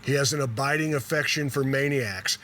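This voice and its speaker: A man's voice: medium pitch, a little fast, a bit bright, slight background noise. A laid-back man telling a story in a casual style, reading passages from a memoir and laughing at his own attempts at the characters. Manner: laid-back and self-deprecating, laughing as he reads.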